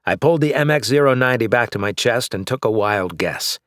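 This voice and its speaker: A man narrating an action novel in first person, in a steady, measured way. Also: medium pitch, no room sound, clean studio sound. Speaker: audiobook narrator.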